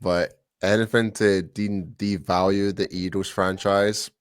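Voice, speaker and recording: A man's voice: low voice, flat delivery, measured pace, clean tone, no echo, studio quality. A man from the UK co-hosting a casual sports podcast, rambling with lots of restarts and fillers. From United Kingdom. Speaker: podcast co-host.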